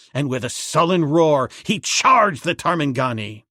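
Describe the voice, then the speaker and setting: A man narrating an adventure audiobook in a dramatic, measured way. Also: fairly high pitch, big pitch swings, bright, forceful tone, no echo, clean studio sound.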